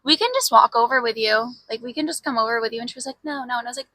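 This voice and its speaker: Chatty young woman with a bright voice. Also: fairly high pitch, very fast, no echo, low-quality recording. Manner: chatty storyteller, heavy use of "like", swears freely. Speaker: podcast co-host. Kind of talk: casual chat.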